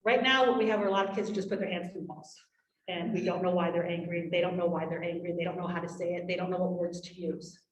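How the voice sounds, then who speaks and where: A woman's voice: lowish voice, fast talker, a little hiss or hum. Woman presenting to parents in a room. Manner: animated, acts out parent and child quotes. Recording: roomy, from far off.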